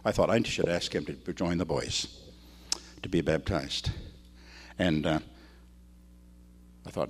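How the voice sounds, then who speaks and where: A man's voice: sits low, very animated, unhurried, long pauses, slightly rough. Folksy older man preaching with stories. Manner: folksy, conversational, acts out the people in his stories. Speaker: pastor. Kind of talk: sermon with storytelling.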